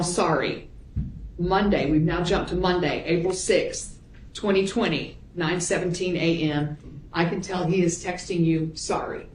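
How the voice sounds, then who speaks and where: A woman prosecutor reading messages and timestamps aloud into the court record in a measured voice. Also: lowish voice, a little mellow. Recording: echoey courtroom audio.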